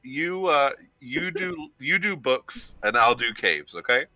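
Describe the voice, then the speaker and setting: A man's voice: mid-range voice, expressive, takes it slowly, bright, forceful tone, soft background music. A man playing a tabletop game, joking and playful. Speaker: player.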